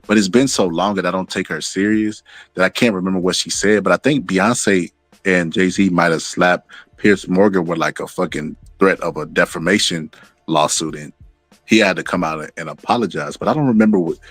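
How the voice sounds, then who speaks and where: A man's voice: low-pitched, moderate pace, a bit bright, no room sound, soft background music. A man hosting a casual commentary, rambling and swearing as he talks through stories and acts out what others said. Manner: rambling and profane, acts out quotes. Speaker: commentary channel host.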